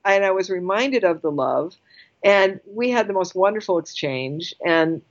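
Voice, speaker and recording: A woman guest telling a personal story in casual conversation, animated and quick to laugh, often restarting her sentences. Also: mid-range voice, muffled recording.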